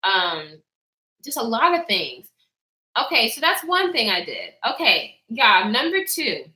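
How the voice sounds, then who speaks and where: Her voice is on the high side and her pace measured, in a reverberant space. This young vlogger tells a casual story time with lots of animation, acting out quotes, reading the live chat, and laughing frequently.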